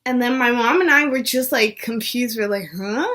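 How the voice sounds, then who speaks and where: A woman's voice: on the high side, moderate pace, a bit bright. A young woman vlogger telling a personal story in a casual chat, saying "like" a lot. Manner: chatty, says "like" a lot.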